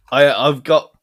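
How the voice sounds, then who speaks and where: A man's voice: mid-range voice, no echo. A man co-hosting a podcast in casual chat, hesitant and often laughing. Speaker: podcast co-host.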